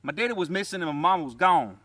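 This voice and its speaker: High bright folksy man. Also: lively intonation, fast talker, no echo. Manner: folksy drawl, rhyming storytelling. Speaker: comedy storyteller. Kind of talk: rhyming comic story in hillbilly character.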